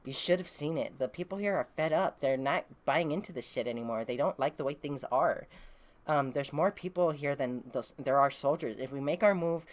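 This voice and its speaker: A woman reading a comic aloud, voicing an angry rebellious man who curses and yells at police. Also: low voice, brisk, lightly acted. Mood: insistent. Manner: heated, cursing, yelling.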